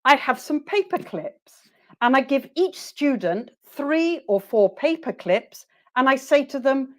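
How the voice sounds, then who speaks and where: A woman teacher trainer leading a webinar, encouraging her listeners and modelling phrases slowly for them to repeat. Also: high voice, animated, a little mellow.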